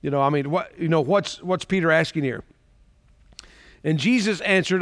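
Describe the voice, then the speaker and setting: A male pastor with a high voice delivers a conversational sermon, often stopping to put rhetorical questions to his listeners. His voice sounds dry and close, with no room echo. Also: moderate pace, a bit bright.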